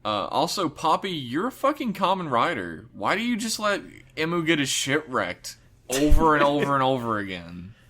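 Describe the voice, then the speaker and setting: This podcast co-host speaks at a moderate pace in a fairly high voice that is very animated, bright, and forceful. In a casual chat, he makes dry, sarcastic jokes.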